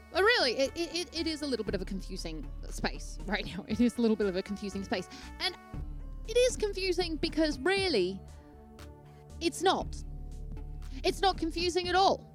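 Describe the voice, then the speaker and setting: A young Australian woman giving a comedic rant, digressing and mocking people in put-on voices. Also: high voice.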